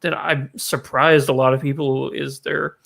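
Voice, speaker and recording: A man's voice: mid-range voice, little pitch movement, a little slow, vocal fry, a bit bright. A man co-hosting a casual chat, asking questions and rambling along. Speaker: co-host.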